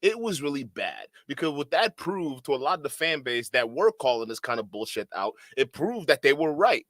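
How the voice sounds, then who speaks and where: A man's voice: on the high side, a bit bright, no room sound. A man hosting a casual commentary show, rambling and profane, often tacking on "okay?". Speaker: commentary channel host.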